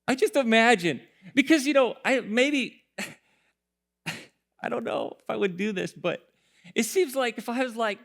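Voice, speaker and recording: A male pastor preaching a sermon, telling the story with animated voices, laughter and occasional shouts. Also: very high voice, measured pace, long pauses.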